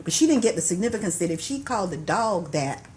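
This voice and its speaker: An older woman from Florida, a guest poet who chats easily, laughs often, and recites her poems with a steady rhythm. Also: lowish voice, quick pace, a little hiss or hum. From Tampa, Florida, US. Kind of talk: conversational storytelling and poetry reading.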